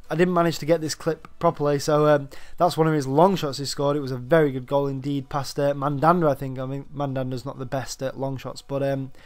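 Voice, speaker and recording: Breathless young gamer, higher voice. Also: male voice. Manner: chatty, rambling, lots of ums and restarts. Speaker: gaming YouTuber. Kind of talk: casual game review commentary.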